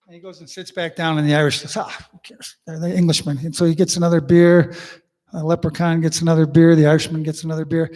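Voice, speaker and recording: A man's voice: fairly high pitch, little pitch movement, fast, dark tone. An older man hosting a living room concert from his home, chatting and telling jokes between songs in a folksy way. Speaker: musician and host of an online living room concert. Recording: long reverb with banjo music behind.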